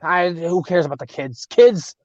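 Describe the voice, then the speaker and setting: A man's voice: on the high side, expressive, measured pace, a little mellow, dry recording, muffled recording. A man, a wrestler guest on a call, bragging about himself and joking in a casual chat. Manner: cocky, boastful, joking persona. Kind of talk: casual video call interview. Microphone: phone with headphones.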